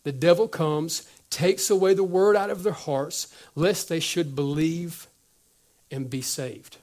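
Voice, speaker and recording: A man's voice: a little high, slow pace. A male pastor preaching a sermon, acting out little conversations and dropping to a near whisper at times. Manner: animated, acts out dialogue, drops to whispers.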